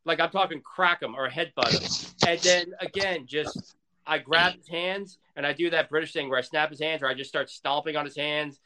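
A man's voice: on the high side, normal speed, noisy background. A man talking as a wrestler guest in a casual interview, intense and profane, rambling through his ideas.

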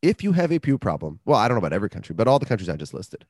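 A man's voice: on the low side, very fast, breathy edge, dry recording, studio quality. A man co-hosting a podcast, joking and rambling through a casual ad read and sports chat. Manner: jokey, rambling, lively. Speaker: podcast co-host.

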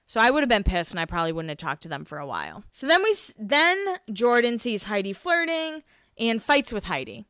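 A woman's voice: a little high, sing-song, fairly quick, fairly bright tone, clear, resonant tone, dry recording, clean studio sound. A woman hosting a podcast, recapping in casual chat, rambling, swearing and laughing at herself. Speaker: podcast host.

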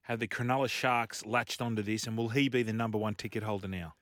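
A man's voice: lowish voice, fairly even intonation, quick pace, a bit bright, no room sound. An Australian man co-hosting a casual radio show on a studio microphone, telling rambling stories and chuckling along the way. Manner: rambling anecdotal storyteller who chuckles mid-story. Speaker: radio co-host.

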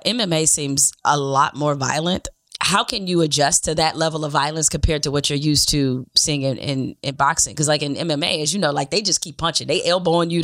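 A woman's voice: deep voice, fairly bright tone, no echo, studio quality. A woman hosting a podcast interview, asking questions in a casual way with many fillers. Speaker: podcast host.

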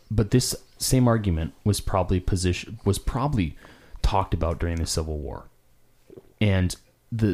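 A man with a low, dark, mellow voice, holding his ground in a casual podcast argument. He cuts in often and builds his case in long, looping sentences. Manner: argumentative, interjecting, quick laugh. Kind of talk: casual debate.

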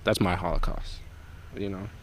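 A man's voice: deep voice, fairly even intonation, normal speed. A young man from Jamaica, a podcast guest, telling a rambling, profane story in casual chat.

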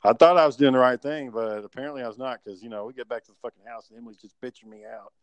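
A man's voice: mid-range voice, racing, no echo, highs cut off. A man hosting a casual online chat and telling a profane story in a laid-back, chuckling way. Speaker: podcast host telling a story. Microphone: online voice call.

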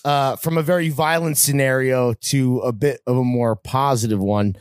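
A man co-hosting a podcast, talking in an animated, joking way and laughing often. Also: mid-range voice, moderate pace, clear, resonant tone, no echo, studio quality. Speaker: podcast co-host. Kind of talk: casual podcast banter.

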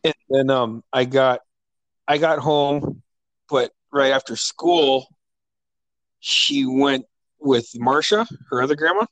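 A man's voice: medium pitch, slow, pauses often, fairly bright tone, no room sound. Middle-aged man, rambling storyteller, acts out quotes, laughs a lot, dry close sound. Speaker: father. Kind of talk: casual phone chat. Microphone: phone call.

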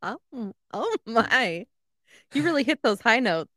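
A woman reacting in quick, teasing remarks during a casual podcast chat. Her voice is bright and clear and moves through a lively pitch range, and it sounds dry and close to the mic. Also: no echo.

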